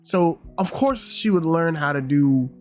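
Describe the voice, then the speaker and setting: A man's voice: a little high, animated, a little slow, faint music behind. A man giving a casual, ranting review, swearing heavily and sounding exasperated. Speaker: YouTube reviewer.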